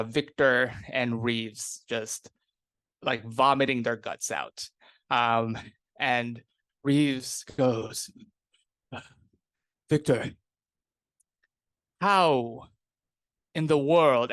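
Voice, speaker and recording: A male game master narrates a tabletop game in a relaxed, rambling way. He talks slowly. His voice sits at a middle pitch. The recording is dry and close. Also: dry recording. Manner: relaxed and rambling, with many fillers.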